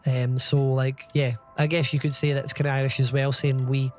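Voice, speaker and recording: A man's voice: mid-range voice, flat delivery, brisk, a little mellow, soft background music. A man chatting casually on a game live stream, rambling and laughing often.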